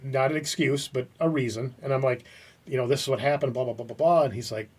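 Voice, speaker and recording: A husky-voiced man in his fifties tells a story with animated energy, restarting his sentences as he goes. His voice sounds slightly distant from the microphone. He sounds like a casual podcast host. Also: mid-range voice, fast. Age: 50s. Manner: animated anecdote teller with many restarts.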